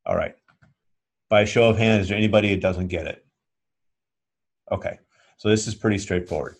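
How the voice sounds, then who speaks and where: A man's voice: on the low side, moderate pace, pauses often. A man teaching a yoga class, patiently explaining each step and often checking that everyone follows. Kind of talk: instructional class talk.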